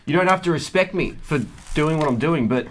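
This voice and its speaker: A man playing an estranged son pleading with his crime-boss father in a tabletop game, earnest and halting. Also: on the high side, close to an everyday voice.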